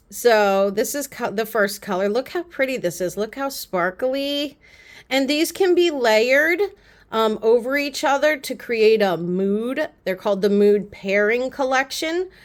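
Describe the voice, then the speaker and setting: A woman vlogger chatting casually to the camera, gushing and rambling with quick asides. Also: a little high. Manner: chatty and gushing, repeats "pretty" often. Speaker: beauty vlogger. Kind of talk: casual haul chat to camera.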